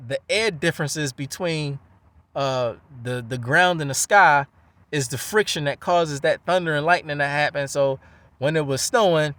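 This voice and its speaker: A man, ranting in a profane, rambling, animated monologue. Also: fairly high pitch, moderate pace, no room sound.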